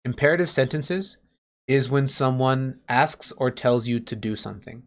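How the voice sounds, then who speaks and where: Man, teacher, patient, everyday examples, video call, mid-pitched. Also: normal speed. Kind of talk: online class lesson.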